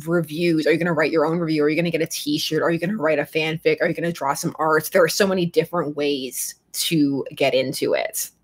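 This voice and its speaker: A woman's voice: low voice, steady tone, brisk, slightly rough. A woman hosting a casual live stream, chatty and rambling, laughing often as she answers viewers. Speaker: fandom channel host.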